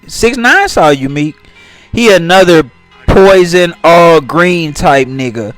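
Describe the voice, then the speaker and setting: Man, slightly high voice, casual commentary, faint music behind. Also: lively intonation, slow pace, a bit bright, no echo. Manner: talks straight to viewers, reads tweets aloud and mocks them. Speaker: commentary channel host.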